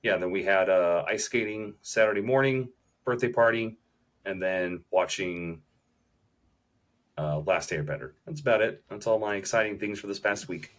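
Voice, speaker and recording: A man's voice: lowish voice, normal speed. A man co-hosting a podcast, casually listing his week in a laid-back way. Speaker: podcast co-host. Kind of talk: casual chat.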